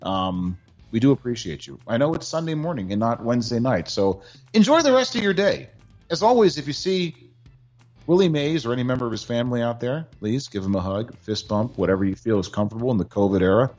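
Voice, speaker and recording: A man's voice: medium pitch, expressive, a little fast, a little mellow, highs cut off, faint music behind. A male podcast co-host giving a sarcastic, mock-formal award speech in casual sports banter.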